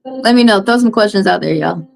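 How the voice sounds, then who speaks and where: A woman's voice: mid-range voice, brisk, creaky, soft background music, rough recording. A woman with a Southern US accent, a tarot reader venting bluntly and heatedly to her livestream viewers on a phone mic, repeating her points.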